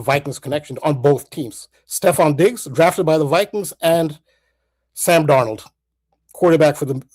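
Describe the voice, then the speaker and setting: A man's voice: fairly high pitch, a little mellow. A man co-hosting a talk show, earnestly laying out a theory point by point with frequent restarts. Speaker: podcast co-host.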